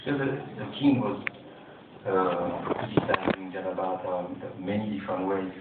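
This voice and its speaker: Brief: male religious teacher telling a story, halting delivery, recorded from far off in a very echoey room. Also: sits low, steady tone. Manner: halting, explains with many pauses and restarts. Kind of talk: scripture class storytelling. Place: temple meeting room. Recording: distant, very echoey, tinny, noisy.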